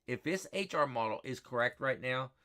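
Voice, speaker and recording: A man hosting a live weather stream, talking excitedly over radar maps and repeating himself as he rambles. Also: medium pitch, normal speed.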